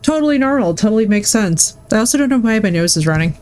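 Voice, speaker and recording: A young woman streaming live, gushing and effusive as she chats with her viewers. Her talk is casual and excitable. Faint noise sits under her voice. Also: medium pitch, fast talker, low-quality recording.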